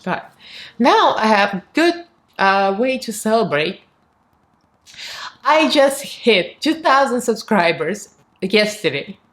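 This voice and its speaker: A woman's voice: fairly high pitch, big pitch swings, takes it slowly, pauses often, a bit bright, a little hiss or hum. A woman with a Russian accent, a beauty vlogger in her thirties, chatting candidly to camera, laughing often and acting out what people said to her. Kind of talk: casual chat to camera.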